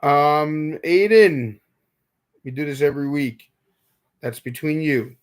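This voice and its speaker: A man's voice: fairly high pitch, slow pace. Rambling young man chatting to a live chat. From New York. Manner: rambling, repeats words, talks to chat viewers. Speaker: livestream host. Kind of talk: casual live-stream chat.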